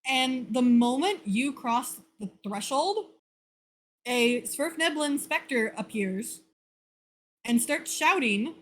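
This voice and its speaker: A woman's voice: sits high, animated, slow, rough recording. A woman narrating a tabletop game as game master, casual with laughing asides.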